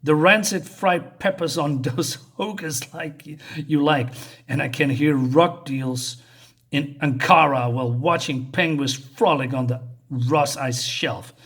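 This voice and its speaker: A man's voice: on the high side, measured pace, a bit bright, breathy edge, full character voice. A man voicing a menacing, god-like Superman who has grown tired of people, in a weary, contemptuous tone while reading a comic aloud in a review video. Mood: weary scornful. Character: menacing male Superman turned cruel god. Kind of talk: comic book review vlog.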